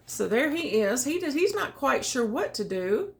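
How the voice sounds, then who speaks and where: Animated woman reading a children's story. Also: sits high, normal speed, gravelly, hardly any pauses. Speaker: storytime reader. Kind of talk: children's read-aloud with commentary.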